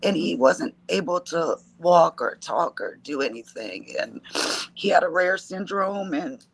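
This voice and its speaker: A woman on a live call speaks softly and haltingly. Her voice is husky and gravelly, with a rasp under it. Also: on the low side, expressive, poor audio. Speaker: caller. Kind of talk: casual chat on a live call.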